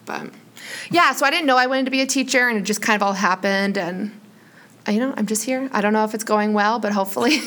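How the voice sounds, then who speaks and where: A woman in her late twenties, a high school teacher, chatting casually on a podcast in a classroom, peppering her talk with "like.". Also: fast, a bit bright. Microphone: headphone microphone.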